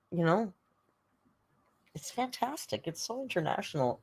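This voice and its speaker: A woman's voice: on the low side, animated, normal speed, poor audio. A woman hosting a casual live stream, chatting to viewers and cooing at her cat. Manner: chatty, coos baby talk to her cat.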